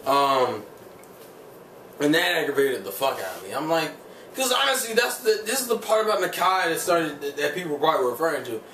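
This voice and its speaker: A man's voice: on the high side, sing-song, fairly quick, sharp tone, slight background noise. A man giving a casual, rambling spoken review of an anime episode, heated and profane, with many fillers. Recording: roomy sound from a distant mic, faint ambience.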